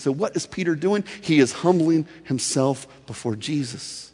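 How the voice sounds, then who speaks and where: A male pastor preaching a sermon in a storytelling way, swinging from loud emphasis to soft, intimate delivery. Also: fairly high pitch, lively intonation, normal speed, hardly any pauses, breathy edge, in a large hall.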